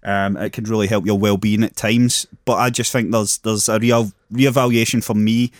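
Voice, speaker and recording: A man's voice: fairly low pitch, flat delivery, normal speed, dry recording. Earnest man musing in a dry room. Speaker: podcast co-host. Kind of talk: casual chat.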